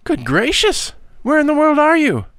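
A fretful middle-aged aunt calls out in a high, shrill voice, as a man puts her on for a storybook reading. Her scolding rises and falls sharply, and the recording is dry and close. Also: huge pitch swings, moderate pace, fairly bright tone, dry recording, full character voice. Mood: alarmed.

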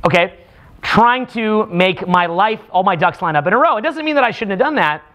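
A man leading a live workshop for a small group, talking in a profane, animated way with mock rants. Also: sits high, brisk. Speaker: seminar speaker.

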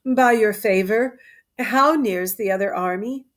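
A woman's voice: medium pitch, measured pace, lightly acted. A woman reading aloud as a polite, careful young man asking questions.

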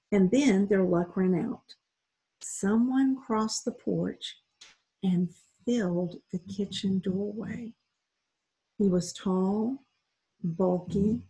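A woman reading a children's novel aloud in an unhurried, expressive storytelling manner. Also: medium pitch, breathy edge, poor audio. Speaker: reader.

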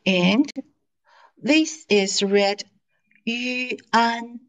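A woman's voice: a little high, slow pace. A woman teaching pronunciation in a lesson, patient and repeating each syllable for students to follow. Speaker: Mandarin teacher.

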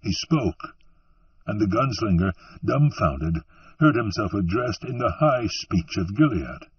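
A man reading an audiobook in a measured, dramatic narration, heard as a dull, distant recording. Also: fairly low pitch, very animated, husky, dry recording.

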